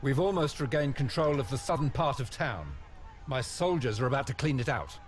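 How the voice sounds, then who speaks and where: An actor playing a sneering noble cousin who speaks in a mocking, sarcastic way. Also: male voice, medium pitch, expressive, brisk, natural voice. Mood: smug.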